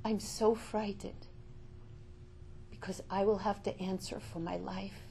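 A woman voicing an old rabbi near death who speaks slowly and fearfully. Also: medium pitch, fairly even intonation, creaky, mellow, slight background noise. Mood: frightened. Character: frightened elderly male rabbi, near death.

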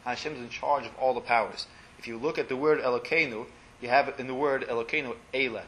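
A man speaks fast, at medium pitch with fairly even intonation, while teaching a small religious class. He translates Hebrew blessings phrase by phrase in an explanatory manner, his voice often fading to a murmur.

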